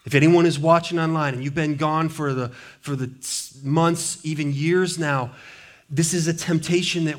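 A pastor preaches in a church, his voice sitting a bit high for a man. He talks in a lively, conversational way and slips into playful quoted asides to his congregation. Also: normal speed. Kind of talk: sermon. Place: church sanctuary.

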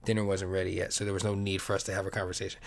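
A podcast host with a low, gravelly, monotone voice races through a casual solo monologue. He rambles in a laid-back way, swearing plenty as he tells stories.

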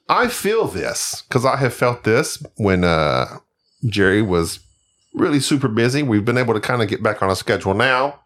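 A man's voice: low voice, animated, fairly quick, a bit bright. A man co-hosting a casual podcast, joking around and reading out listener emails. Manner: jokey, mock voices, teasing banter. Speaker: podcast co-host.

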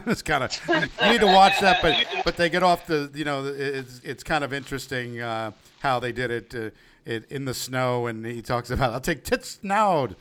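Casual co-host, man in his fifties, mid-pitched, relaxed jokey chatter with lots of "uh"s. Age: 50s. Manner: chatty, jokey, halting with fillers. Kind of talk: casual chat.

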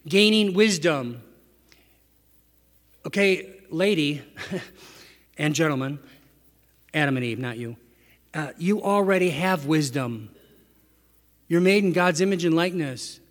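Man, high voice, sermon, conversational preaching, rhetorical questions, echoey hall. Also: lively intonation, takes it slowly, pauses often, fairly bright tone.

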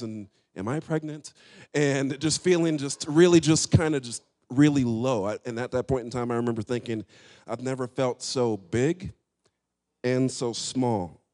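A man's voice: medium pitch, a little mellow. A man earnestly telling a personal story in casual talk, reflective and open.

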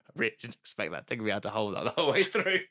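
A man's voice: on the low side, quick pace. Guy joking around telling a story, voice jumps all over. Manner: lively, jokey, slips into silly voices. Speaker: podcast co-host. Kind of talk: casual storytelling chat.

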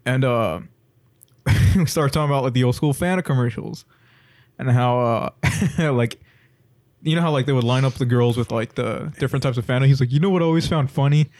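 A man's voice: medium pitch, moderate pace, pauses often, darkish tone. A young man in casual chat, telling a work story with lots of laughter and slang.

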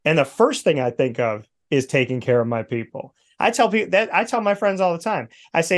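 A male sports broadcaster with a somewhat high voice talks casually on his show. He tells animated stories and acts out the quotes. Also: a little fast, hardly any pauses.

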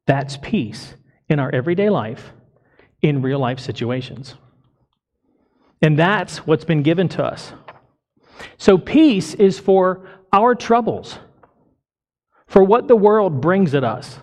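A man's voice: fairly high pitch, expressive, takes it slowly, long pauses, darkish tone. A male pastor delivering a sermon to his congregation, emphatic and full of rhetorical questions. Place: church congregation.

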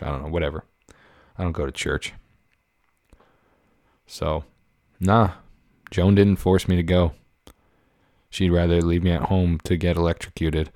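A young man with a low, deep voice hosts a casual podcast. He rants in a playful, profane way and then drifts into loose storytelling. The sound is dry and close, with no room echo. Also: a little mellow. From United States. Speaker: podcast host.

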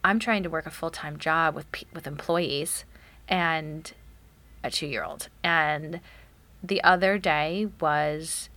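Chatty mom, lower and bright. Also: female voice, slow pace, no room sound. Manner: chatty, acts out quotes of her child. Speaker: podcast co-host, mother of a toddler. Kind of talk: casual chat.

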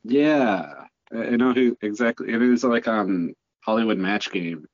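A man guest in a casual podcast chat, talking haltingly with many restarts and laughing along. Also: fairly low pitch, dull audio.

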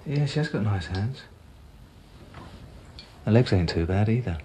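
Easygoing village constable with a mid-pitched voice, faint ambience. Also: male voice, animated, a little slow, warm tone, slight background noise. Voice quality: casual, easygoing.

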